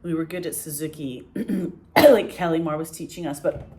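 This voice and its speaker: A woman in her forties hosts a podcast, telling stories casually in a loose, chatty style packed with fillers. Her voice is low-pitched and moderately paced, and the recording is very noisy.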